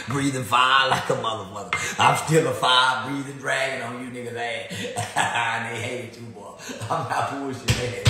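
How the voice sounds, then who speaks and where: A man ranting boastfully into his phone camera outdoors in the sun, taunting and laughing as his voice swings loud and high. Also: fairly even intonation, measured pace, echoey room, noisy background. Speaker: internet personality. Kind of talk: boastful selfie vlog rant.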